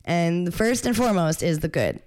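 A woman's voice: lowish voice, sing-song, normal speed, darkish tone. Chatty, rambling woman co-host. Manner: rambling, lots of "like" and laughter. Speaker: podcast co-host. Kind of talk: casual chat.

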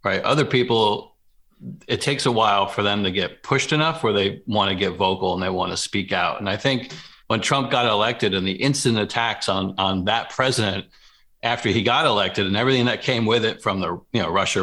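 A man co-hosting a casual political chat, talking in a steady, agreeable, explanatory way. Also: on the low side.

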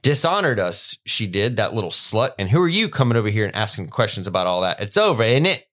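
A man's voice: lowish voice, big pitch swings, quick pace, fairly bright tone. A man putting on a drunk hostile brute. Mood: bitter. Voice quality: coarse, rustic dialect.

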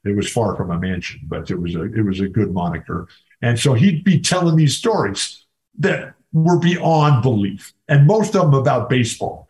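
A man's voice: mid-range voice, a little mellow. Rambling enthusiastic older man. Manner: rambling, enthusiastic, repeats words. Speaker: podcast guest. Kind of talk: casual storytelling interview.

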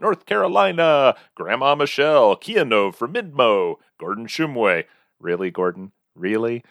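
A man co-hosting a podcast from his home office, casual and wry, getting animated when he reads lists of names. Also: medium pitch, vocal fry, dry recording, clean studio sound. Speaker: podcast co-host. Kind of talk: casual chat.

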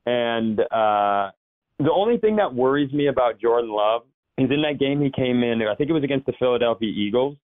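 A man's voice: medium pitch, animated, a little fast, dry recording. Man rambling about football on a tinny line. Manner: rambling, self-correcting, jumps into quoted voices. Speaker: sports show guest. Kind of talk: casual sports chat.

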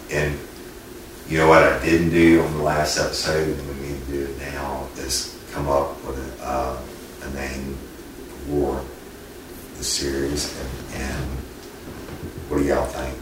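Guy host, super deep flat voice, echoey room far from mic, noisy. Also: unhurried. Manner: drawling, informal, uses "y'all". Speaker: podcast host. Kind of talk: casual interview on location. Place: family's home on location.

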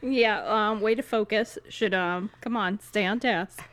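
A woman's voice: medium pitch, a little slow, a bit bright. A woman chatting casually about a book, telling the story in an amused way and laughing often. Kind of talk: casual book discussion chat.

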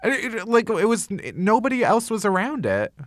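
A man's voice: high-pitched, very animated, moderate pace, no room sound, studio quality. A man hosting a comedy podcast, ranting theatrically and swearing in exaggerated outrage. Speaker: podcast host.

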